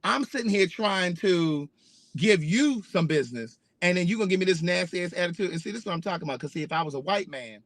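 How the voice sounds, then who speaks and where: A man's voice: high-pitched, expressive, fast talker, a bit bright, no echo. A man vlogging a casual, emphatic, profane story straight to his viewers, voicing indignation at everyday hassles. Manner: addresses viewers directly.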